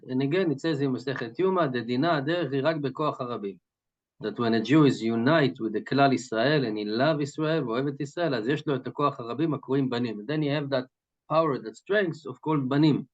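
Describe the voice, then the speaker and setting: A man teaching from a Hasidic text. He explains Hebrew terms in English and keeps asking "right?" as he goes. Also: mid-range voice. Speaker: Torah teacher. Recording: dull lo-fi recording.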